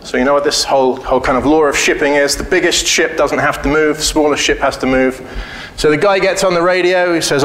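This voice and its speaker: Man speaker, slightly high voice, blunt, profane and joking, in an echoey hall with a faint hum behind him. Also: fairly even intonation, a little fast, hardly any pauses, a bit bright. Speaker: conference speaker. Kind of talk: casual conference talk. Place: conference hall.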